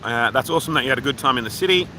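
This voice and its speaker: A man's voice: medium pitch, expressive, racing, noisy background. An Australian man livestreaming outdoors from his phone, rambling casually and swearing freely while reading viewer comments. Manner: rambling, profane, offhand. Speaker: livestream host. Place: outdoors at a waterfall park.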